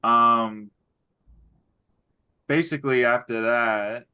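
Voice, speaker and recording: Bright-voiced male interviewer. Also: medium pitch, steady tone, slow, smooth. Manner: long, looping questions with restarts. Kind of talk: conversational interview questions.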